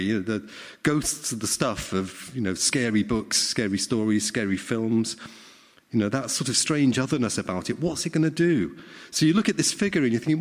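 A middle-aged man, preaching a sermon in a conversational way and often asking the congregation questions. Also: mid-range voice. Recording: long hall reverb.

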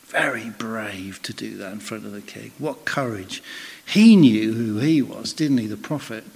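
A man's voice: fairly low pitch, normal speed, vocal fry, darkish tone, slightly rough. A man preaching a sermon in a conversational, storytelling way, acting out the voices of people in his stories. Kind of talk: sermon with personal anecdote. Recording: long reverb of a hall.

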